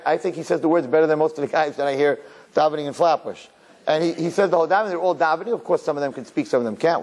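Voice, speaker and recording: New rabbi man preaching, storytelling style, gets real emotional, voice shoots up then drops way soft. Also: mid-range voice, husky. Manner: conversational, repeats words, uses Yiddish and Hebrew terms. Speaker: rabbi giving a weekly Torah talk. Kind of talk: storytelling sermon.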